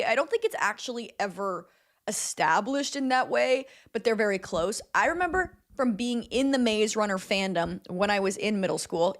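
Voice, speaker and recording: A woman's voice: medium pitch, lively intonation, normal speed. A young woman recapping a film in casual chat, chatty and sarcastic, swearing and laughing often.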